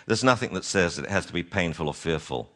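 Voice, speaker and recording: A man giving a lively talk to an audience as a dog trainer, acting out owners and dogs in funny voices. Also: low voice, quick pace.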